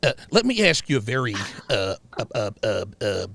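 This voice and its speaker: A man's voice: medium pitch, sing-song, normal speed, creaky, a bit bright, no echo. A man playing a pushy white southern man on a date, asking prying, roundabout questions in a comedic role-play.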